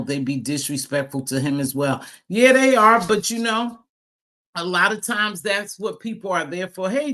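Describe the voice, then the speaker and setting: Her voice is on the low side with a bit of brightness. Hosting a relaxed livestream chat, she speaks bluntly and swears freely, laughing a lot and saying hello to viewers mid-conversation.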